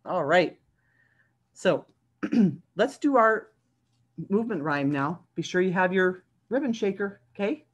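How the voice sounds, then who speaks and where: A woman hosts a children's story time over a video call. Her voice swoops up and down as she questions the little ones. She speaks slowly and clearly, as if reading aloud to a group of toddlers. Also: fairly low pitch. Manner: animated, talking to young children.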